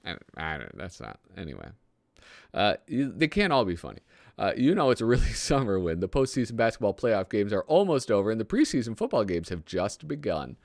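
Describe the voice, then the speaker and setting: A man's voice: lowish voice, sing-song, fairly quick, vocal fry, no echo, studio quality. A man hosting a casual comedic commentary, reading old magazine jokes aloud with self-deprecating asides and frequent chuckles.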